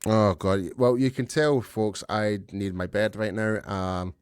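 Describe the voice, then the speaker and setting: A man's voice: lowish voice, steady tone, unhurried, smooth, dry recording, studio quality. A man co-hosting a casual sports podcast, talking loosely and poking fun at himself. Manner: chatty, loose, self-deprecating. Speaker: podcast co-host.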